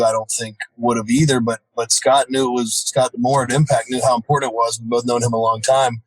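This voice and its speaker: A man's voice: medium pitch, no room sound, poor audio. A man who wrestles professionally, talking upbeat in a casual chat and swearing casually. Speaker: pro wrestler guest.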